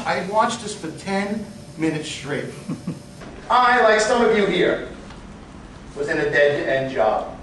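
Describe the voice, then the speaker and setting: A middle-aged man giving a humorous motivational speech, an animated storyteller acting out scenes. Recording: echoey hall, mic far off, low rumble.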